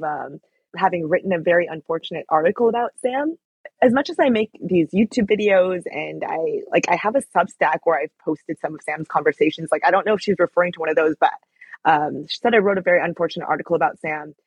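Fast-talking husky young woman. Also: lowish voice, no room sound, lo-fi sound. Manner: chatty, lots of fillers and likes. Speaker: guest. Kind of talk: casual storytelling.

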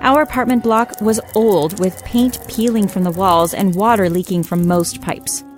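A woman narrating a scripted first-person story in a wry, lively way. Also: medium pitch, moderate pace, faint music behind.

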